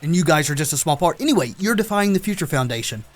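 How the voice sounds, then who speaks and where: Excited man commenting on a game, music behind. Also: a little high, quick pace. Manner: excited, talks back to the game characters. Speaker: gameplay commentator. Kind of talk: let's play commentary.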